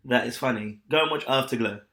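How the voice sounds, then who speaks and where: A young man co-hosting a casual podcast chat, blunt and scathing and quick to laugh. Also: medium pitch, fairly bright tone, slight background noise. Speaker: podcast co-host. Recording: echoey room.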